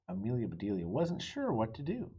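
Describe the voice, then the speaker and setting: Husky man reading a children's book aloud. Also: fairly low pitch, fairly quick, dull audio. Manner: animated, friendly, asks listeners questions. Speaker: storybook reader.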